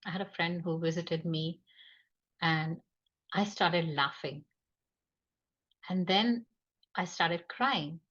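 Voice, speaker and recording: A woman with a low voice talks as a podcast guest. She speaks in a reflective, candid way and pauses often. The recording sounds dull and lo-fi. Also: a bit bright. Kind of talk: candid personal conversation.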